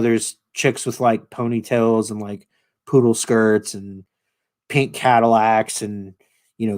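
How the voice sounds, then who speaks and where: A man hosting his own channel, casually retelling a show in a rambling, profane way with lots of fillers. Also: fairly low pitch. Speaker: channel host.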